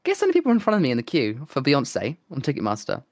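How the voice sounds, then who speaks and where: A young man co-hosting a casual chat, animated and swearing, acting out what people said. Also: mid-range voice, very fast, dry recording. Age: young adult. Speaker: podcast co-host and streamer.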